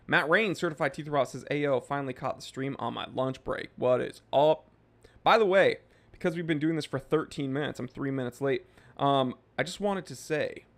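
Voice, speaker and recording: A man in his thirties hosting a livestream, casually reading viewer comments aloud and joking with the chat. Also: medium pitch. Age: 30s. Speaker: livestream host.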